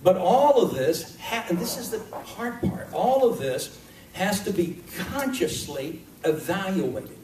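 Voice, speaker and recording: A man preaching a sermon to his congregation in a conversational, emphatic way, with pauses for effect. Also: high-pitched, expressive, a little mellow, a little hiss or hum. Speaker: pastor. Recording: echoey hall recording from far off.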